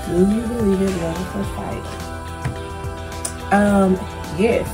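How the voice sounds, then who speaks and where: A woman's voice: medium pitch, low-quality recording. A woman with an American accent answering viewer questions in a casual, chatty, playful vlog. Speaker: vlogger.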